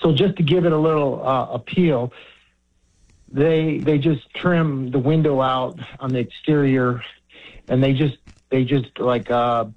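A man with a mid-pitched voice calls in over a dull, muffled phone line. He explains his home repair question in halting bits, full of fillers and restarts. His pitch sits in the middle of the range. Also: steady tone. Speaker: caller.

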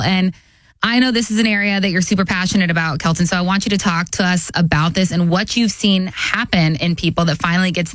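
A woman's voice: fairly low pitch, a bit bright, no echo. A woman in her thirties co-hosting a financial radio show, upbeat and bubbly.

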